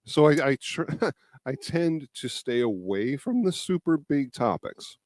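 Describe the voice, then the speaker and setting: A man in his fifties, a guest in a casual interview, telling stories in an animated, self-deprecating way while his voice keeps cracking. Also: a little high, measured pace, no room sound. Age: 50s. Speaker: guest YouTuber.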